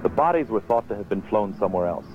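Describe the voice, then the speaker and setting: A man giving scripted documentary narration in a measured, grave manner. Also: fairly low pitch, lively intonation, music in the background. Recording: dull lo-fi TV audio with faint noise.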